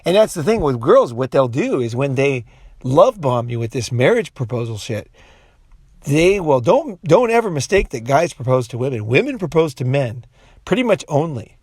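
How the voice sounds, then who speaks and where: A man's voice: medium pitch, very animated, normal speed, a little mellow, husky, dry recording, studio quality. A man in a casual, profane monologue who rambles, restarts often and puts on voices when he quotes people. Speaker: commentator.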